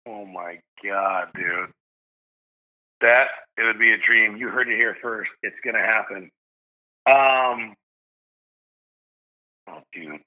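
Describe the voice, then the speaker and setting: An excitable, jokey man tells a story to his podcast host. His voice comes through a thin, phone-like line, as if he is calling in remotely. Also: lowish voice, takes it slowly, pauses often. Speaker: stadium PA announcer, podcast guest.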